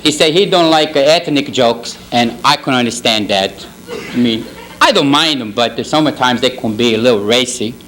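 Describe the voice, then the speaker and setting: A banquet humorist plays a sly middle-aged Italian parish priest at a banquet hall roast, using a put-on Italian accent and broken English. His medium-pitched, moderately paced voice is close to an everyday voice, and he rambles through jokes in a deadpan way. The recording is low quality.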